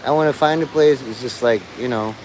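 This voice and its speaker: A middle-aged man talks on and on outdoors in the rain, crude and profane, in a voice of ordinary pitch. His rambling monologue jumps from topic to topic. Faint street and traffic noise runs under him. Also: brisk, poor audio. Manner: rambling, crude, swears loudly at the sky.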